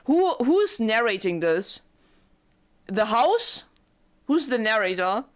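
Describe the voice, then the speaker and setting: A young woman giving casual, rambling let's-play commentary, excitable and full of swearing. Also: a little high, slow. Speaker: gaming YouTuber.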